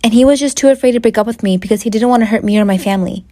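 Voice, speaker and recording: Brief: woman, rapid delivery, mellow slightly high voice, dry sound. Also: dry recording. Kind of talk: casual storytime.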